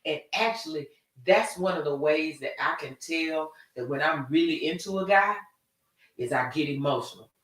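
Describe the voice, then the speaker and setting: A woman hosting a live talk show in casual chat. She is animated and expressive, swinging between loud and soft. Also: sits low, normal speed. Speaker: host. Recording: echoey room, distant mic.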